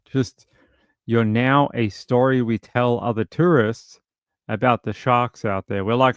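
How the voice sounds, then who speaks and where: A man's voice: medium pitch, steady tone, slow pace, dry recording, studio quality. A man hosting a true crime live stream, reading news and viewer comments with blunt, mocking commentary. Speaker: true crime show host.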